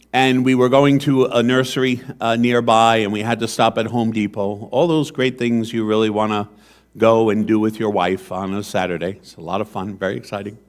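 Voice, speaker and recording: A man preaching in a church, first reading scripture aloud, then telling humorous, self-deprecating everyday stories. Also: medium pitch.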